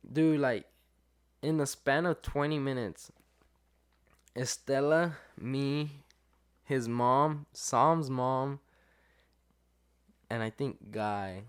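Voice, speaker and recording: A man's voice: mid-range voice, extremely slow, pauses often, clean tone. Young man telling a rambling party story. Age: young adult. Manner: rambling, filler-heavy, acts out quotes with lively voices. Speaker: podcast guest. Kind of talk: casual storytelling chat.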